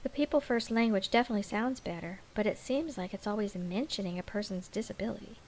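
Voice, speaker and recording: A woman parent asks her questions politely and with curiosity, as in a scripted dialogue. Her voice has a middle pitch and an ordinary tone. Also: quick pace, a little mellow, a little hiss or hum, low-quality recording. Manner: inquisitive, polite.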